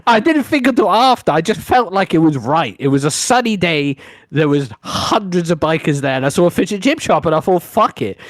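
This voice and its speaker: A young man originally from Africa, co-hosting a podcast and telling a long story in a casual, swearing, animated way. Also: on the high side, fairly quick, no room sound. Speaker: podcast co-host.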